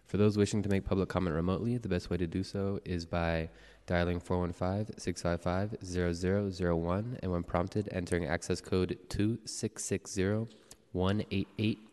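Deep-voiced clerk reading the roll. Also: male voice, darkish tone. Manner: formal, measured reading. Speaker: board clerk. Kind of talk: reading roll call and announcements. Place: city hall legislative chamber. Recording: echoey chamber with long reverb.

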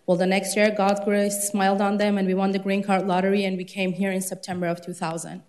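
A woman's voice: mid-range voice, flat delivery, brisk, a little mellow. A slightly breathless woman in her thirties from Iran speaks at a council meeting. Her delivery is earnest and impassioned, with a mid-range voice. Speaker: public commenter. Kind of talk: public comment at a council meeting.

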